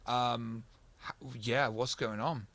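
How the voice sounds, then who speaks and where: A man running a tabletop role-playing game as game master, animated and self-mocking, swearing casually. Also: medium pitch, slow pace, dry recording.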